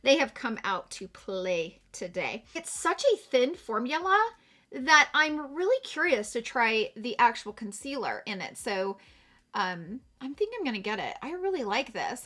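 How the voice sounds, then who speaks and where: A middle-aged woman with a bright, somewhat high voice talks straight to her viewers as she does her makeup. She sounds chatty and heartfelt, tearful after a morning of crying. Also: very animated, normal speed. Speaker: beauty vlogger. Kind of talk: casual get-ready-with-me chat.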